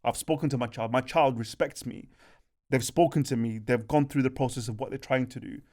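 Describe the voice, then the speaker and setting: A man's voice: medium pitch, fairly quick. Chatty young man telling stories. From Birmingham, England. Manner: animated, chatty, peppers speech with "bro" and "do you know what I mean". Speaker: podcast co-host. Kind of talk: casual podcast storytelling.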